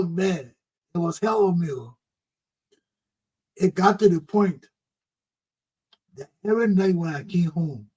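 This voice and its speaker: A man's voice: high voice, warm tone, husky, poor audio. A man hosting a talk show, telling a childhood story with a lot of feeling and teaching a parenting lesson, often exclaiming "oh, man".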